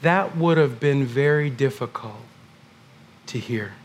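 A man's voice: medium pitch, takes it slowly, slight background noise. A man teaching through a Bible book in a casual, chatty way, full of fillers and talking straight to his listeners. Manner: chatty, filler-heavy, addresses listeners as "you guys".

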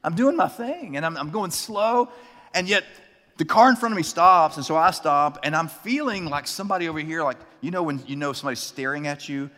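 Male pastor, sermon with storytelling, animated, slightly high voice, reverberant hall. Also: brisk. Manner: animated, acts out characters in his story.

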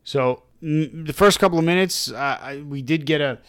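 A man co-hosting a casual podcast, chatty, reading out tasting notes in a flat list-like way on a close mic. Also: on the high side, moderate pace, smooth, no room sound. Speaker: podcast co-host.

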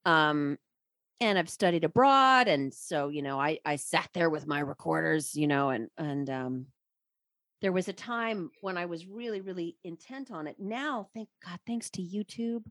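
Guest narrator: woman, lowish voice, dry close sound, chatty and self-interrupting. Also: expressive, a little slow, fairly bright tone, no echo. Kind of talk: conversational interview answers.

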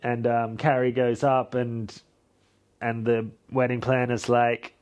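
A man's voice: medium pitch, level tone, slow, darkish tone, clean tone. A man hosting a podcast, recapping a film in a rambling, casual way with swearing and self-corrections. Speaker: podcast host.

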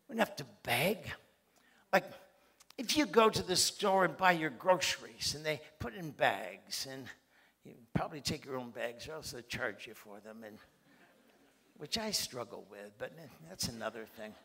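Male pastor, bright high voice, animated sermon with acted-out scenes.

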